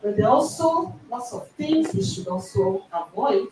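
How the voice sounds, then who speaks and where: A woman leading a women's group, teaching in a lively way, often acting out dialogue and laughing loudly. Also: high voice, normal speed. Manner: animated storytelling, acts out dialogue, laughs loudly. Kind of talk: live-streamed teaching talk. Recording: echoey, distant, noisy live stream.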